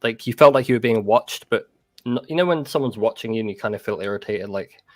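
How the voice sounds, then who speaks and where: A man recounting a personal encounter in casual conversation, halting and full of restarts and "like". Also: fairly low pitch, no room sound.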